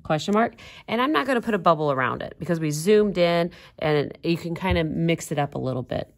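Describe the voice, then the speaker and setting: A woman's voice: low voice, lively intonation, a little fast. A woman art teacher giving a casual drawing demonstration, chatty and giggling at her own jokes.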